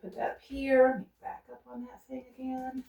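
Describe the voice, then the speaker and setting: A woman demonstrates painting in an art studio without a script, thinking out loud and nudging herself to stay loose and skip fussing over details. Her voice sits high yet is gravelly, dark, and monotone at normal speed, heard from a distance with roomy studio sound and slight background noise.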